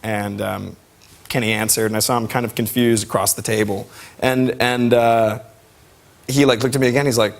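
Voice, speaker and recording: A man guest on a talk show, telling an anecdote in an animated way with fillers and laughter. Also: medium pitch, fairly quick, background noise.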